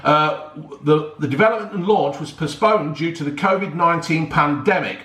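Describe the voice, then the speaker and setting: A chatty man talks to his viewers in a loose, rambling way, tripping over tricky words and calling everyone "folks". His voice sits a little high for a man. The sound is roomy, with a clear echo around him. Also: normal speed, pushed and bright. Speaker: YouTuber reviewing a beer. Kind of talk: casual rambling chat to viewers.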